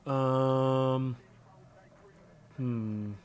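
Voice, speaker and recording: A man's voice: medium pitch, very slow, clear, resonant tone. Easygoing man thinking aloud on stream. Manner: relaxed, thinking aloud, chatting with viewers. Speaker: streamer and animator. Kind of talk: casual live-stream chat.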